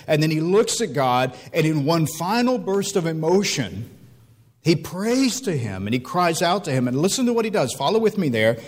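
A man preaching a sermon, building emotional appeals with repeated rhetorical questions and dropping to a low, hushed tone at times. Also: animated, a little fast. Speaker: pastor.

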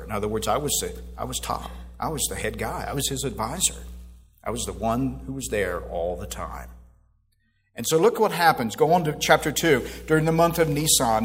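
A middle-aged man preaching a sermon as pastor, swinging from loud exhortation to soft asides. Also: mid-range voice.

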